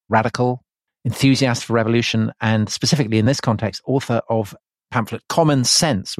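Male co-host: measured, lightly amused, mid-pitched, dry, faint music. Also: dry recording. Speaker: podcast co-host. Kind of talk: conversational podcast discussion.

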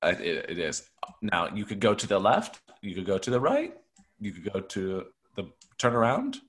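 A man's voice: fairly low pitch, very animated, normal speed, a bit bright. A man improvising comedy as a salesman, explaining things in a salesy way.

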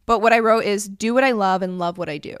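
A young woman co-hosts a podcast, chatting casually and telling stories in an animated way, acting out the quotes of the people in them. She talks fast in a mid-range voice with a clear, resonant tone.

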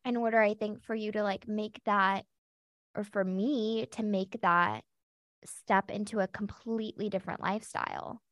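A woman's voice: medium pitch, fairly even intonation, normal speed, fairly bright tone, dry recording, studio quality. Candid woman telling a personal story. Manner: confessional, heartfelt, lots of "like" fillers. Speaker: podcast guest.

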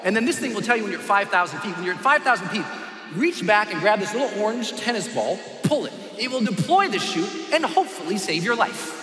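A man voicing a calm, steady male skydiving instructor who talks in short, clipped phrases, in an echoey hall. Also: high-pitched, quick pace, faint music behind, voice pushed down. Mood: instructive. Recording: echoey hall with ambient noise.

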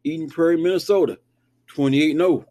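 A man's voice: fairly high pitch, a little fast, mellow. A man hosting a casual sports talk show, reading down a rankings list with chatty asides. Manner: conversational, reads list with asides. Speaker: show host. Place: Kansas, near Wichita.

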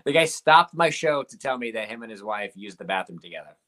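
Bright-voiced man telling stage stories. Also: on the low side, big pitch swings, a little fast. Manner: rambling, lots of "like" and fillers. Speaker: comedian guest. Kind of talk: casual storytelling interview.

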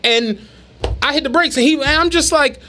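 A man, co-hosting a podcast and telling animated, profane stories in casual chat. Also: very high-pitched, moderate pace, slight background noise. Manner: animated storytelling, heavy slang and profanity. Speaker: podcast co-host.

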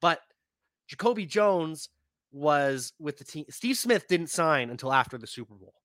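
Male fantasy football podcast host, bright and forceful tone, close dry mic, casual animated delivery. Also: a little high, unhurried, no echo. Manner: animated, laughs at his own points. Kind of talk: casual sports talk.

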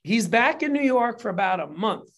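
A man, a film and TV producer, telling a long story in a casual interview, animated and swearing freely. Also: high-pitched, normal speed.

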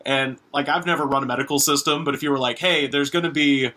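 Animated, swearing male comedian. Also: medium pitch, fast talker. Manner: animated, swearing, rambling riffs. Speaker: comedian guest. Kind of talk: casual comedy podcast chat.

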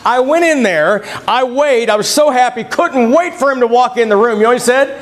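Man, high-pitched voice, folksy church sermon, talks to the congregation directly, reads old-style scripture. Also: brisk. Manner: folksy, conversational, quotes scripture in King James wording. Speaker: preacher.

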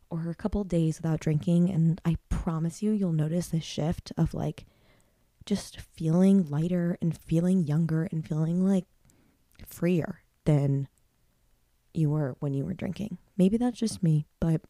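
A woman in her 20s hosts a solo podcast in a fairly low, warm voice, speaking a little slowly with no echo. She rambles heartfelt, full of "like" and restarts, and is near tears at times.

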